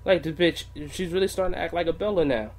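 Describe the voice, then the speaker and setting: A man's voice: a little high, fast. A man co-hosting a wrestling podcast, ranting in a heated, profane way. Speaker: podcast co-host. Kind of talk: casual wrestling podcast rant.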